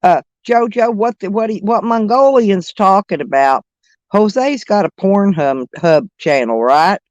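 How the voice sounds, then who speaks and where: High-voiced, rambling man, dry sound. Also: measured pace, no room sound, highs cut off. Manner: rambling and chatty, laughing often, many fillers. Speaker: live streamer. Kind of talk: casual livestream chat with viewers.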